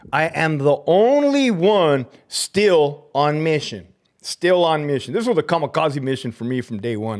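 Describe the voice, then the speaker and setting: A man ranting on his live stream, cursing hard and swinging between loud outbursts and low muttering. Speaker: livestreamer and prison officer. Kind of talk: profane live-stream rant.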